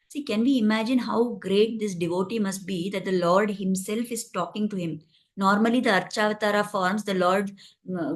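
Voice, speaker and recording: A woman telling a devotional story in an unhurried, explanatory way. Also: mid-range voice.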